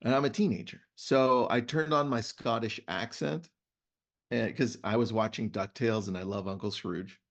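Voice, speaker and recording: Gravelly-voiced man hosting a webinar. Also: fairly low pitch, moderate pace. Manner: animated storyteller. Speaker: webinar host. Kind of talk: casual webinar chat. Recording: muffled lo-fi web audio.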